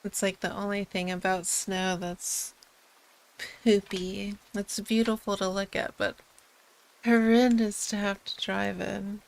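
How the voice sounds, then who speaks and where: Slow, giggly woman streamer. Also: medium pitch, flat delivery, creaky, rough recording. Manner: giggly, chatty, easygoing. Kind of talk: casual chat.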